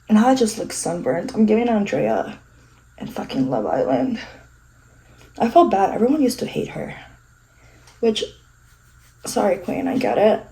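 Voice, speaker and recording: A woman's voice: medium pitch, mellow, low-quality recording. A young woman chatting casually as she does her makeup at home, candid and self-mocking, swearing freely and sounding a little stuffy from a coming cold. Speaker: beauty vlogger. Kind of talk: casual get-ready-with-me chat. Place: her living room.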